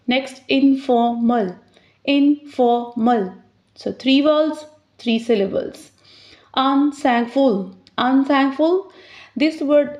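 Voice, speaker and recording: A woman teaching English pronunciation in a patient lesson, repeating each example word slowly and deliberately. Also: a little high, darkish tone. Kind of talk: slow explanatory lesson.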